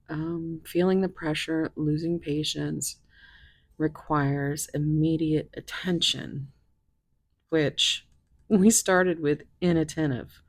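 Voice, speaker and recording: A woman reads tarot cards in a low, unhurried voice with a husky edge. She muses and thinks aloud as she goes, filling pauses with ums. The sound is dry and close, with little room echo. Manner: musing, thinks aloud with fillers. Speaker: tarot reader. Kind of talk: tarot reading.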